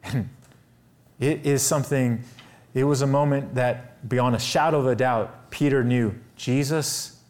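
A man preaching a sermon as pastor, earnest and urging, with his voice climbing to raised emphatic peaks and dropping low to drive a point home. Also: measured pace, a little mellow. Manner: earnest, building to raised emphatic peaks, often saying "listen".

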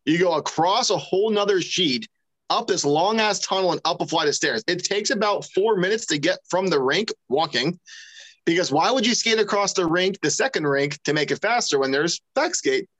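A man's voice: high voice, animated, moderate pace, a bit bright, rough recording. A man, a former hockey player, guesting on a podcast and telling self-mocking stories with laughs. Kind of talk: casual podcast chat.

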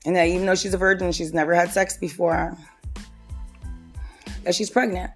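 A woman hosting a podcast, riffing in a casual comedic way, animated and jokey, often slipping into quick impressions. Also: on the low side, faint music behind. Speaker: podcast host.

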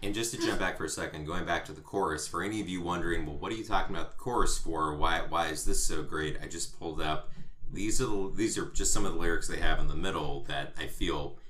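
Guy with a really low voice, eager, chiming in about a movie, roomy echo. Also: fast, a bit bright. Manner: enthusiastic, jumps in, reads lyrics aloud. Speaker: podcast co-host. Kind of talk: casual chat reviewing a film.

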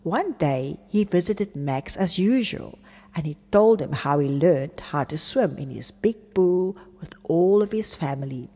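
A woman reading a children's story aloud in an expressive, animated way. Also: lowish voice, a little slow, breathy edge. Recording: long reverb.

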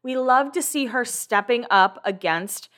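A woman's voice: on the high side, measured pace, fairly bright tone. Chatty woman podcaster. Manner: chatty, filler-heavy, occasional swearing. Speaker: podcast host. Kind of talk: casual recap podcast.

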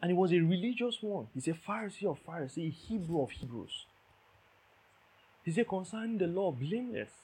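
Husky-voiced man preaching a sermon. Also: high-pitched, animated, brisk, pauses often, darkish tone. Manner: emphatic, repeats key phrases, asks the audience "do you understand".

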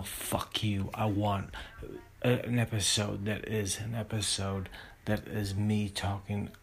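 A man ranting in a solo podcast, furious and profane, swinging between loud outbursts and hushed whispers, recorded in his room at night. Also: on the low side, a little hiss or hum. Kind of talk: angry solo podcast rant.

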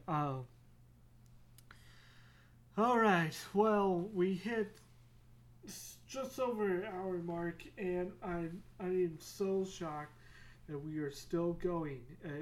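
A woman's voice: lowish voice, very slow, long pauses. A woman hosting her own podcast, talking in a casual, rambling way, going off on tangents, swearing freely and joking about herself. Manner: casual swearing, self-mocking. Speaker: podcast host. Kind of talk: casual solo chat.

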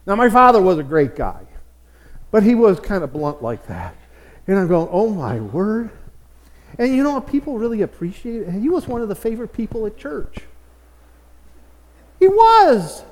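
A middle-aged American pastor gives a chatty sermon, rich with folksy anecdotes. His voice sits high for a man, and he stumbles over repeated words as a point gathers steam. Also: big pitch swings, brisk, long reverb tail. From United States. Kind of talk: conversational sermon.

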